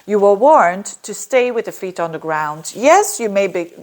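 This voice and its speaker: A woman from Belgium, an astrologer, giving a casual monthly horoscope talk in a chatty, digressive way with lively ups and downs. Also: mid-range voice, normal speed.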